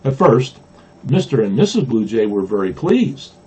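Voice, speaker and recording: Mellow, husky-voiced pastor reading a story. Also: male voice, medium pitch, very animated, moderate pace. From Mississippi. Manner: gently humorous, chuckling at the jokes. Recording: dull lo-fi recording.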